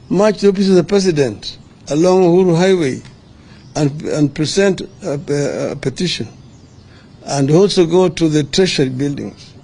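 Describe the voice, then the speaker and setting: An older Kenyan man delivers a press statement in a measured, deliberate way. His voice is a little high for a man but mellow and soft-edged. He pauses and restarts now and then while he answers reporters. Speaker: opposition leader at a press briefing.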